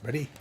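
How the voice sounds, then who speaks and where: A man streaming a video game, chatting in a rambling way with frequent laughs. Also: noisy background. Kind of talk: casual gameplay commentary.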